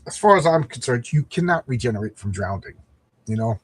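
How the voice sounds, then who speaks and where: A man's voice: medium pitch, animated, fairly quick, breathy edge. A middle-aged man chatting casually as he reviews a comic book, rambling and reading panels aloud.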